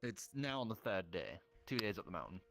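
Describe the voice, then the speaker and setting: A man narrating a tabletop game as game master, casual and quick to laugh. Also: low-pitched, vocal fry, faint music behind. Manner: casual, laughs easily, lively descriptions.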